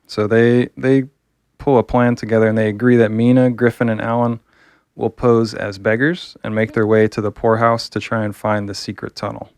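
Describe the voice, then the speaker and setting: A man's voice: on the low side, little pitch movement, normal speed, darkish tone, clear, resonant tone, dry recording. A man reviewing a comic book, talking casually and enthusiastically, rambling with fillers.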